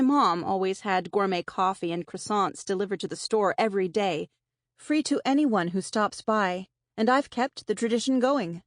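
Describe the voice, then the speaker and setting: This audiobook narrator has a mid-range voice with lively intonation and a slightly slow pace. She reads a first-person novel in a wry, conversational manner, close to a studio mic with no room sound.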